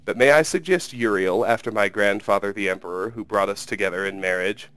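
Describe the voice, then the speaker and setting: A man's voice: on the low side, fairly quick, a bit bright, clear, resonant tone, no room sound, close to an everyday voice. A man reading aloud who voices a scheming young royal wife in a raised, coaxing voice.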